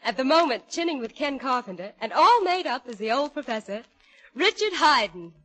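A woman's voice: high voice, big pitch swings, moderate pace, poor audio. A woman as mistress of ceremonies on a 1940s radio variety show, breezy and chatty. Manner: breezy, chatty address to troops.

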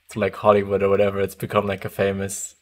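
A man's voice: low voice, completely flat delivery, fast talker. A young man chatting casually while streaming a hunting game, laughing easily and trailing off mid-thought. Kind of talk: casual gaming chat.

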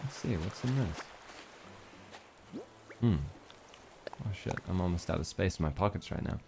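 A man streaming a game, chatting casually in an excitable, playful way and reading game text aloud. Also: low-pitched, moderate pace, gravelly, noisy background. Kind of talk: casual gameplay chat.

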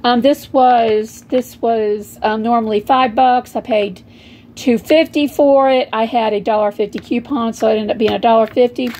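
A woman's voice: fairly high pitch, steady tone, moderate pace, mellow, slight background noise. A middle-aged woman with a Southern US accent, chatting casually and folksily to camera as a homemaker vlogger.

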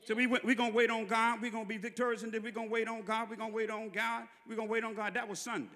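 A Southern preacher with a very high, bright, forceful voice tells a story from the pulpit, moving from easy conversational delivery to fervent shouting. His voice rings with the long reverb of a church hall. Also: flat delivery, racing. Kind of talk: sermon storytelling. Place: church sanctuary.

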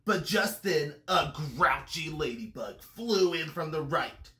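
A reader telling a picture-book story aloud to children with animated, expressive delivery. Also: mid-range voice, slow pace. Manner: animated storytelling with lively swings. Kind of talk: expressive read-aloud for kids. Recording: roomy echo.

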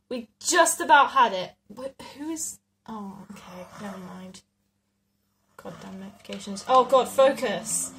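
A woman giving casual let's-play commentary, chatting and muttering to herself, with sudden loud frustrated outbursts. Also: a little high. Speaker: gaming video creator. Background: game music.

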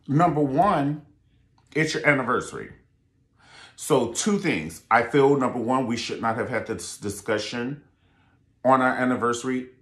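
A man giving a sassy, campy review of a reality show, animated and blunt, with shrill falsetto bursts when he imitates people. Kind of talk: sassy vlog commentary. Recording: echoey room.

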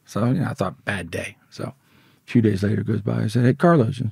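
In this interview a man spins his story with plenty of cursing, acting out others' dialogue in an animated way. His voice is on the low side, gravelly and husky, and a little fast. The studio-quality audio has no echo.

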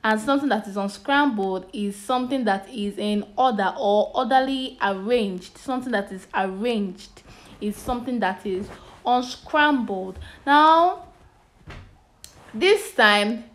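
A woman's voice: on the high side, unhurried, a bit bright. A woman with a Nigerian English accent teaching a children's lesson on phonics and punctuation. She asks "what?" and then answers her own question.

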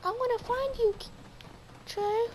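A woman putting on a squeaky, sing-song high voice to taunt a friend over game voice chat. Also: fairly even intonation, unhurried, a little hiss or hum. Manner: teasing, taunting, repetitive.

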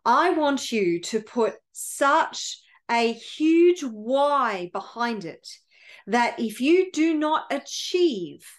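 A woman's voice: fairly high pitch, very slow. Chatty woman telling a story. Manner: animated, chatty, self-correcting. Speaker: mindset coach. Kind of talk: casual storytelling.

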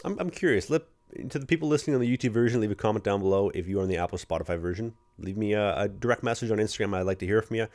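Young man, Canadian accent, hockey podcast co-host, rapid rambling stories, lowish voice. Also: darkish tone. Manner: rambling anecdotes with restarts, acting out quoted teammates. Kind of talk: casual storytelling chat.

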